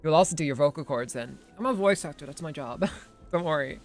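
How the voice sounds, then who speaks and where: A gravelly, slightly high man chats excitedly as he streams. He is a voice actor making quick, swearing asides, with faint music in the background. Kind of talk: casual live-stream commentary.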